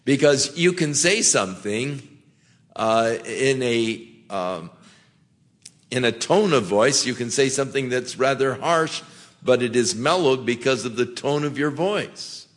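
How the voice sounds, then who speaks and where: A man preaching a sermon in a slow, gentle way, with frequent small restarts. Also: mid-range voice, animated. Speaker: pastor.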